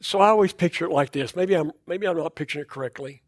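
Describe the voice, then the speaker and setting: A man's voice: fairly high pitch, fast talker, no echo, clean studio sound. A man preaching a sermon in a church, talking in a loose, conversational way and often repeating and restarting words. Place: church auditorium.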